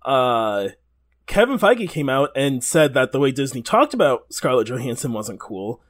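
Animated, rambling man co-hosting a podcast. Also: medium pitch, moderate pace. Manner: rambling, swears freely, laughs often. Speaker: podcast co-host. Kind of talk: casual chat.

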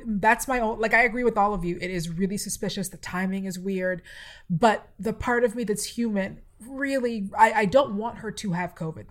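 A woman's voice: mid-range voice, a bit bright. Earnest, blunt woman podcast co-host. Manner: earnest, blunt, swears casually. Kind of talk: casual chat.

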